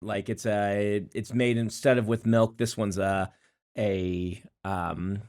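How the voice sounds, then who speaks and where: A middle-aged man co-hosting a podcast in casual chat, with playful banter full of quick self-corrections. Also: on the low side, level tone, darkish tone. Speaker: podcast co-host.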